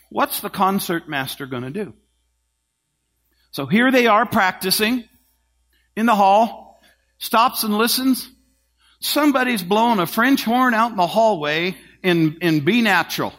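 A man preaching a sermon, telling stories and acting out other people's lines, moving between loud, punchy phrases and hushed, quiet ones. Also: high voice, unhurried, pauses often. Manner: animated storytelling, acting out voices of others, swinging from loud to hushed. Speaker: pastor.

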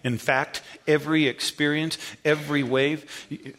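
A man preaching a sermon with a slightly raised voice, folksy and rambling as he tells stories. He acts out conversations with sudden high, excited outbursts, then drops low to make his point. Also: normal speed. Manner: animated storyteller, acts out dialogue in a high excited voice. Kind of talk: sermon with storytelling.

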